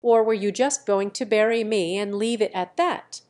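A woman reading the part of a hot-tempered, proud young princess who speaks in a sharp, demanding, indignant way. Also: medium pitch, moderate pace, natural voice.

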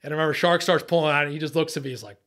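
A middle-aged man with a slightly high voice tells a fishing story as a podcast guest. He talks like a boat captain, swears freely and acts out his own lines from the day. The telling is tense and excited, broken up by laughs. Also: rapid-fire. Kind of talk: animated storytelling in casual chat.

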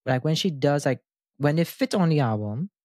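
Animated male podcast host. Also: fairly high pitch, moderate pace, no room sound, studio quality. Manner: animated, enthusiastic explainer who breaks into sung bits. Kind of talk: casual music discussion.

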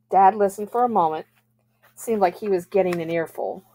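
A woman teacher reading a novel aloud in a calm, measured way. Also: medium pitch.

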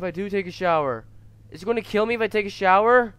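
Teen male streamer, bright clear tone, nervous horror-game commentary. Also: high-pitched, fast, dry recording. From United States. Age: teens. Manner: jittery, frightened, talking to himself. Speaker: gamer streamer.

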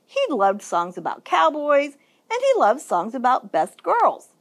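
A woman children's librarian reading a picture book aloud for story time, in an expressive, sing-song storytelling manner. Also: sits high, measured pace.

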